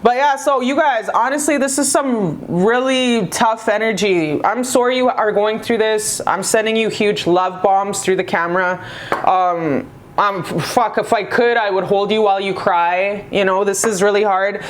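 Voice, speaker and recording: A woman's voice: mid-range voice, unhurried, slight background noise. A woman reading tarot in casual chat, effusive and affectionate, swearing freely as she talks to viewers. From Canada. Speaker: tarot reader.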